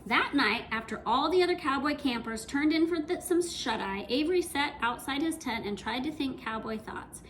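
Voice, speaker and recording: Expressive woman reading a kids' book aloud, high and animated. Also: normal speed, few pauses, background noise. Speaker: reader. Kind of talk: reading a children's storybook aloud.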